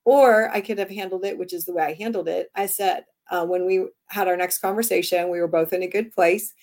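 A woman author, interviewed as a guest, telling lively stories and acting out the dialogue in them. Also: lowish voice, a little fast. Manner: animated storytelling, acts out quoted dialogue. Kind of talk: conversational interview.

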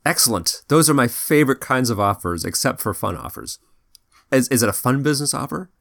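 A man's voice: mid-range voice, lively intonation, brisk, gravelly, a bit bright, no echo, clean studio sound. A man voicing a breezy, jokey male showman who runs a cluttered performers' tent in a tabletop game. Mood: chummy. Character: chatty male showman hoarding stuff in a tent.

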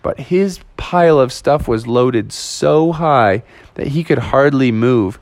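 A man telling a playful children's story with animated, lively narration. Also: mid-range voice, takes it slowly, no room sound.

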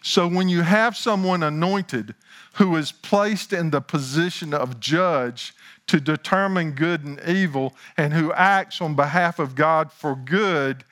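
A man preaching a sermon with a slow, unhurried delivery. His voice sits somewhat high for a man, and he builds to emphatic, drawn-out lines. Between these he drops into chatty asides. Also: fairly bright tone. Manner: self-deprecating asides in third person. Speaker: pastor.

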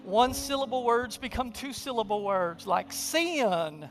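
High-voiced man preaching a sermon. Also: lively intonation, a little slow, soft background music. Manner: conversational, humorous storytelling preaching; drops to hushed, intimate delivery. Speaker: pastor.

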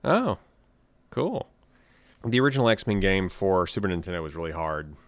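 A man's voice: deep voice, big pitch swings, moderate pace, no echo. A man co-hosting a podcast in casual banter, throwing in playful, joking asides. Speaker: podcast co-host.

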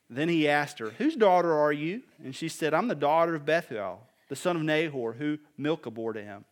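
In a room with a live congregation, a man with a voice on the high side delivers a sermon. He reads from scripture, adds casual jokes, and builds up to emphatic appeals.

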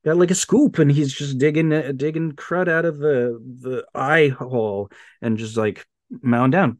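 A man co-hosting a podcast, chatting casually about films and retelling plots with animated storytelling and quick silly voices for the characters. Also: mid-range voice, no room sound. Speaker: podcast co-host. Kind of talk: casual film chat.

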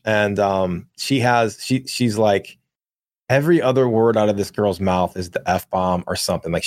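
A young man co-hosting a podcast, telling a long profane anecdote in a rambling, animated way. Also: fairly low pitch, no room sound, clean studio sound. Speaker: podcast co-host. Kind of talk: casual storytelling.

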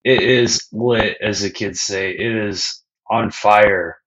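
A man with a lowish voice who recaps episodes in a loose, profane, storytelling way, jumping into the scenes. The audio is dull and lo-fi. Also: steady tone, slow, a bit bright. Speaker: podcast co-host.

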